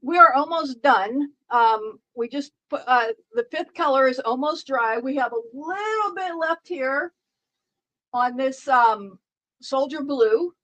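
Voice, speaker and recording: A woman with a high voice chats casually through a live stream. She rambles, repeats her words and jokes with her viewers in the chat. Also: animated, takes it slowly, fairly bright tone, rough recording. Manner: rambling, repeats herself, joking and talking to chat.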